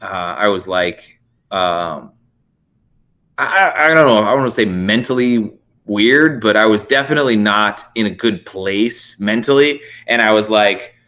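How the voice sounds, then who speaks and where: A man, a podcast guest, telling stories in casual, animated chat full of fillers and swearing. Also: on the low side, a little slow. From United States.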